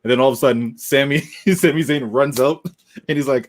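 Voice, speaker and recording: A man co-hosting a casual podcast, telling stories with lots of energy and loose profanity. His voice sits at an ordinary middle pitch. He talks like he's hanging out with friends. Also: brisk. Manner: animated storytelling with profanity. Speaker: podcast co-host. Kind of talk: casual chat.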